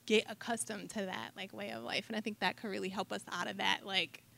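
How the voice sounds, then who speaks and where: A woman's voice: medium pitch, lively intonation, fairly quick, creaky, pushed and bright, slight background noise. A woman earnestly sharing reflections in a casual group discussion. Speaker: group member commenting.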